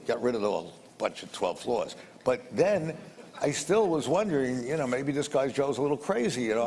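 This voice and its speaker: A man's voice: mid-range voice, darkish tone, a little hiss or hum. An older man telling a conversational business anecdote, repeating phrases and acting out the dialogue. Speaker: investor telling a story. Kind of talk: anecdotal storytelling. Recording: long hall reverb, faint ambience.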